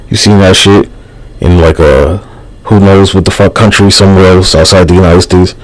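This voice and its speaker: A man's voice: deep voice, steady tone, measured pace, pauses often, dry recording, low-quality recording. A man live streaming, rambling loosely in a casual, profane, slangy way. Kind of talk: rambling casual livestream talk.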